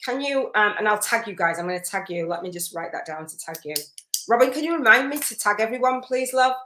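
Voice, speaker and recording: A woman's voice: a little high, expressive, quick pace. Effusive woman coaching live, roomy sound. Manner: warm, effusive, rambling with many fillers and restarts. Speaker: spiritual business coach hosting a live masterclass. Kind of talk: live-streamed coaching, chatty, reading out viewer comments. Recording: roomy echo.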